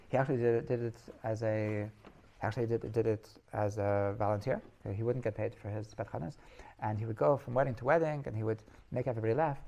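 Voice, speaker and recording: A man teaching as a rabbi, telling stories in loose, rambling sentences that restart often. His voice is gravelly and sits at an ordinary pitch. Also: mellow. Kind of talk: storytelling Torah class.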